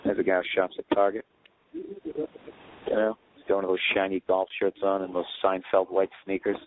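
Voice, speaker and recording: A man's voice: sits low, wildly swooping pitch, moderate pace, gravelly, narrow, tinny audio, a little hiss or hum. A man ranting sarcastically and profanely as a comedy podcast host, recorded in an airport waiting area on a phone. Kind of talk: rambling comedic rant.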